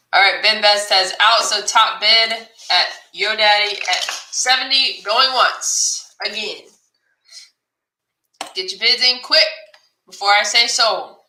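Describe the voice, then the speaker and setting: A woman runs a live online auction, laughing easily as she reads out viewer comments and calls the bids. Her voice is very bright and ringing. The room around her has a noticeable echo. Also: mid-range voice, takes it slowly, pauses often, slight background noise. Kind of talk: live-stream auction chat. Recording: roomy echo.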